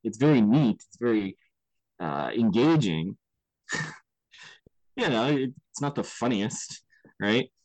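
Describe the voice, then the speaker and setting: A man co-hosting a podcast, talking casually about films in an animated way and often checking in with his listener. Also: medium pitch, slow pace, long pauses, no echo, poor audio. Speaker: podcast co-host. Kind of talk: casual film discussion.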